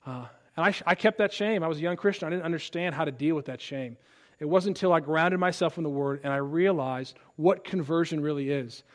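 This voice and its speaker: Male pastor from Illinois, high voice, earnest emphatic sermon delivery with repeated words. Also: a little fast. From Illinois, USA.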